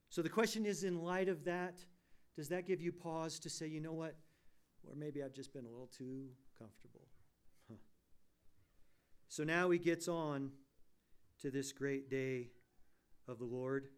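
A man's voice: fairly high pitch, measured pace, long pauses, clear, resonant tone. A man preaching a sermon, posing rhetorical questions and rising to emphatic peaks. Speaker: pastor.

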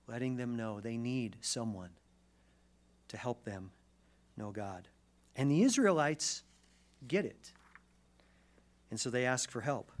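A pastor preaching a sermon, swinging between loud emphatic declarations and quiet, low asides. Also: male voice.

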